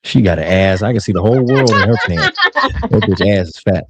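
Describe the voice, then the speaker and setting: A man co-hosting a podcast, joking crudely in loud, animated casual chat. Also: deep voice, fairly quick, noisy background. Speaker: podcast co-host.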